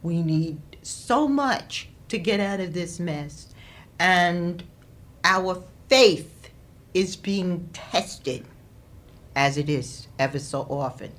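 A woman's voice: lowish voice, animated, slow pace. A woman, a radio guest, giving an inspirational faith talk with preacherly rises and falls. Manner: preacherly, rising and falling with emphasis.

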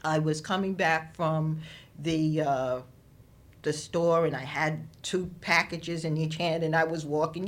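A woman's voice: low voice, fairly even intonation, a little slow. A woman, a radio guest, giving an inspirational faith talk with preacherly rises and falls. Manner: preacherly, rising and falling with emphasis.

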